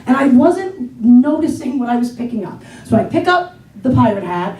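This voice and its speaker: A woman's voice: on the high side, very animated, normal speed, hardly any pauses, mellow. A woman from the Pittsburgh area doing a stand-up comedy set on a theater stage, telling chatty, self-deprecating stories. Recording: roomy stage sound from a distant mic.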